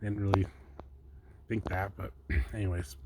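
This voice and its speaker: A man's voice: low voice, little pitch movement, a little slow, dark tone, slight background noise. A man giving an informal Bible teaching from his slides, chatty and rambling, breaking off often to chuckle. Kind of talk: casual home teaching with slides.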